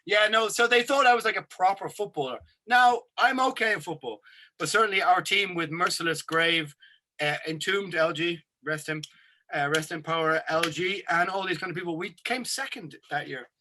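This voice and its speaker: Bright-voiced Irish man telling stories. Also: sits high, moderate pace. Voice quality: rambling anecdotal storyteller, swears casually. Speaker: podcast host, metal musician. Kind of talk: casual chat.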